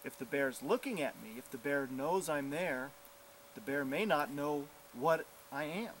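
A middle-aged man, a park bear biologist, calmly and clearly explaining hiking safety while outdoors on a forest trail. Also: on the high side, unhurried, a little hiss or hum, rough recording. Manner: calm, clear, instructive.

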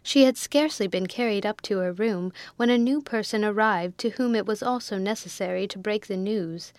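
A woman narrating a classic novel in a measured, even storytelling way. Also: medium pitch, dry recording. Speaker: audiobook narrator.

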